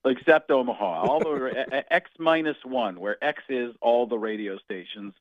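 A man being interviewed as a comedian guest, talking in an animated, jokey way that slides into impressions. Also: mid-range voice, moderate pace, no echo, lo-fi sound. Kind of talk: casual radio interview.

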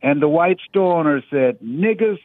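A man's voice: fairly high pitch, expressive, moderate pace, no echo. A man giving a preacherly motivational talk as a radio guest, stressing his points by repeating words. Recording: tinny phone line.

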